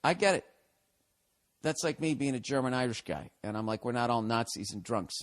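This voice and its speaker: A man's voice: medium pitch, lively intonation, brisk. Profane ranting man hosting a podcast. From United States. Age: 40s. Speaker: podcast host. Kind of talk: casual podcast monologue reading a listener email.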